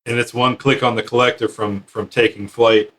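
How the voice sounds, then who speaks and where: A man's voice: little pitch movement, moderate pace, a bit bright. A man co-hosting a casual podcast, joking along, acting out funny bits and laughing a lot. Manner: playful, jumps into high-pitched mock quotes, laughs a lot. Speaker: podcast co-host. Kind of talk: casual banter.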